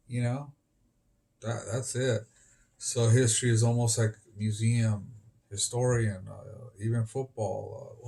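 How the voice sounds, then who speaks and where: A man's voice: fairly low pitch, fairly even intonation, unhurried, vocal fry, dark tone. A man being interviewed outdoors on the street, talking in a rambling, disjointed way that jumps between topics.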